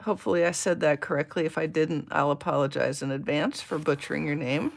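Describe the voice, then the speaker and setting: A woman's voice: sits low, fairly quick, vocal fry. A woman demonstrating a card-making project on a live stream, chatting along as she works and greeting viewers by name. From United States. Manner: talks to herself while working. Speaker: papercraft demonstrator. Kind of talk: live-stream craft tutorial.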